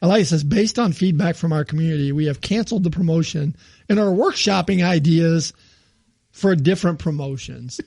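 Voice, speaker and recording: A man's voice: a little high, normal speed, gravelly, a little mellow, no room sound. A man co-hosting a comedy podcast, tossing in dry wisecracks and reading out quotes. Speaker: podcast co-host. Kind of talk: casual comedy podcast chat.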